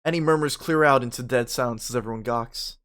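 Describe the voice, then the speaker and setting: Game narrator, first person, casual asides, even reading. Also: medium pitch, fairly quick.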